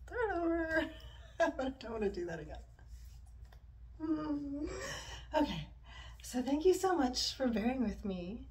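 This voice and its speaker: A woman from Montreal chats casually from her bed, wandering off topic in a confessional way. Her voice sits a little high, and a faint hiss runs underneath. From Montreal, Canada. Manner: rambling, digressive, confessional. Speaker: yoga and stretching vlogger. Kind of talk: casual personal vlog chat. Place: her bedroom, sitting on the bed.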